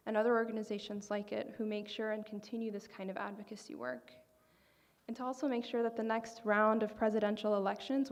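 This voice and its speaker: Woman speaking in a reverberant banquet hall. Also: medium pitch. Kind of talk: public speech.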